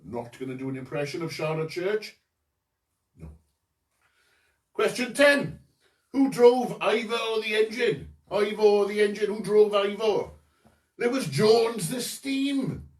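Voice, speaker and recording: A man's voice: high-pitched, lively intonation, measured pace, pauses often. A man hosting a home quiz, reading each question and giving the answer himself with jokey asides. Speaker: quiz host. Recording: echoey room, distant mic.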